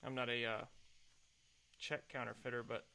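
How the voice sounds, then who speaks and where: A man's voice: medium pitch, little pitch movement, normal speed, creaky, sharp tone, smooth. A young adult man hosting a solo podcast, chatting in a rambling, self-deprecating way at a desk mic. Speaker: podcast host.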